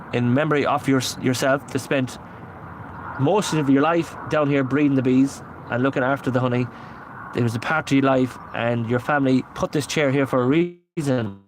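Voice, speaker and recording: A man's voice: mid-range voice, rough recording. A man working as a paranormal investigator, alone outdoors at night, repeatedly and earnestly pleading for spirits to come forward in a ghost-hunting vlog. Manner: repetitive, earnest pleading calls. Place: outdoors at night, seated on a memorial bench. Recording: outdoor recording with steady traffic noise.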